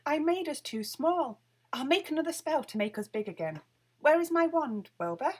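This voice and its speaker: A woman voicing an excitable, scatterbrained female witch in a storybook reading, with a high exclaiming voice. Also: normal speed. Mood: worried.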